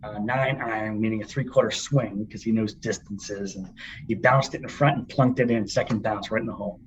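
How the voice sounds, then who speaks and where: A man's voice: fairly low pitch, brisk, dull audio, a little hiss or hum. A middle-aged man co-hosting a podcast from an office conference room, chatty and joking in casual chat. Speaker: podcast co-host. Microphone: laptop mic.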